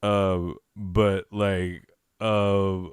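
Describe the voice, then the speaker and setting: A man's voice: sits low, little pitch movement, drawn-out words, clear, resonant tone, no room sound, studio quality. A man hosting a comedy show, rambling through improvised, self-mocking banter full of fillers.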